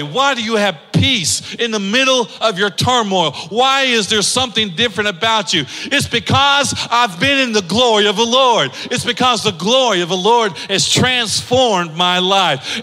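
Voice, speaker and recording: A male pastor preaching with a bright, high-pitched voice. He fires off repeated rhetorical questions and lifts into a sing-song cadence. The sound rings out with a long church-hall reverb. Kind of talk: sermon.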